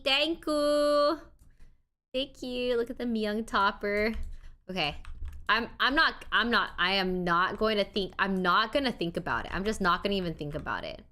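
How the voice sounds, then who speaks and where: A woman live streamer in casual chat, with a voice pitched a little above the usual. She is excitable, jumps from loud outbursts to low mumbles, and keeps thanking people warmly. She gets playfully defensive when teased. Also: clean tone. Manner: warm and grateful, thanking people one after another.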